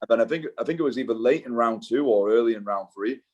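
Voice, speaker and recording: A young British MMA fighter, appearing as an interview guest, talks fast in a medium-pitched voice. He's laid-back and slangy in this casual chat, swearing freely and calling people "dude" constantly.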